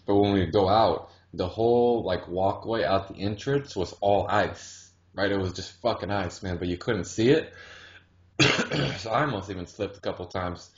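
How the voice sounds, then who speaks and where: A man with a very deep, low voice tells stories in a relaxed, slangy way, full of swearing. He sounds roomy and echoey, and the recording is dull and lo-fi. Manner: laid-back, profane storyteller. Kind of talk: casual chat.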